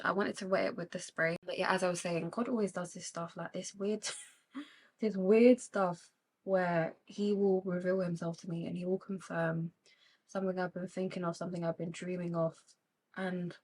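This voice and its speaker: Young British woman vlogger, bright tone, lowish voice, candid and heartfelt, light faint hiss. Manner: candid, emotional, faith-driven musing. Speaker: beauty vlogger. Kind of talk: casual chat while doing makeup.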